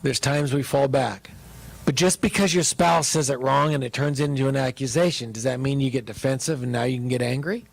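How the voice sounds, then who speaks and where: A man pastor teaching about marriage, joking and animated as he speaks to his listeners. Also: mid-range voice, a little fast, creaky, no room sound, rough recording.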